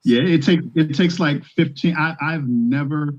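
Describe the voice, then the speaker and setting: A man's voice: fairly high pitch, a little slow. A middle-aged man, a game designer and guest, chatting enthusiastically about tabletop games. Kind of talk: casual interview chat. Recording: dull lo-fi remote audio.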